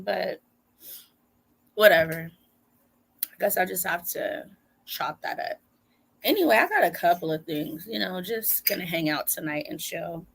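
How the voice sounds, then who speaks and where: A woman's voice: fairly low pitch, animated, measured pace, gravelly, pauses often, low-quality recording. A young woman hosting a casual live stream chat, talking loosely to her viewers and fiddling with her mic. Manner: chatty, fixing mic mid-stream.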